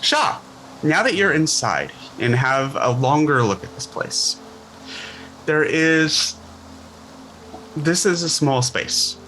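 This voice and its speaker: A man runs a tabletop session in an unhurried, descriptive voice, breaking into easy laughter. His tone is bright and clear over a home mic, with a faint hiss under it. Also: on the high side. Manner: relaxed, descriptive, laughs often. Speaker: game master. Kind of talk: narrating a tabletop game. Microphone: home microphone on a live stream.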